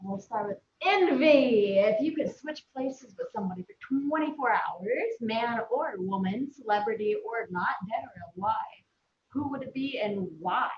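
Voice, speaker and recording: A woman's voice: on the high side, expressive, a little slow, highs cut off. Blunt, foul-mouthed woman interviewer, echoey. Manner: blunt, profane, asks direct questions. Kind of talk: casual live-stream chat. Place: by a pool.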